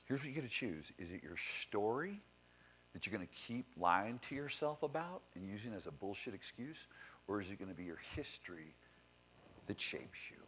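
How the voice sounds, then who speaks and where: Man, very low voice, blunt and profane motivational storyteller, faint hiss behind. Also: very animated, normal speed, fairly bright tone, low-quality recording. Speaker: speaker introducing the next speaker. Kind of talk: motivational talk to an audience.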